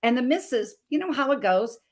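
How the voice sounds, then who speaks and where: A middle-aged woman from Montana, a guest health coach telling her personal story with dramatic swings from hushed to emphatic. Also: high-pitched, animated, fairly quick. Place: video call.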